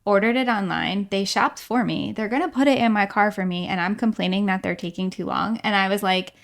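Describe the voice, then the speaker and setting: A woman co-hosts a faith podcast in a casual discussion, talking candidly and laughing at herself as she acts out her own quoted lines. Her voice is medium-pitched and fairly quick, with vocal fry.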